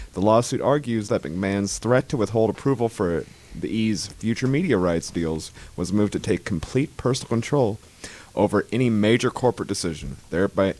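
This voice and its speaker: A man with a fairly low voice, laconic and dry, tossing short quips into a casual podcast chat. At times he reads a news item aloud in the same plain, unhurried way. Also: a little mellow.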